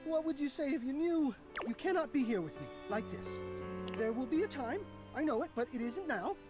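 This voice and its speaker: A woman's voice: sits high, expressive, brisk, over music. A woman playing a frightened young woman in a video game who pleads anxiously for someone to leave. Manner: panicked, pleading, breathless.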